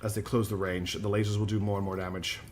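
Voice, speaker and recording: A man's voice: lowish voice, little pitch movement, fast, soft background music. Man streaming a space strategy game. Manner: thinks aloud while playing and answers chat. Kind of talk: live gameplay commentary.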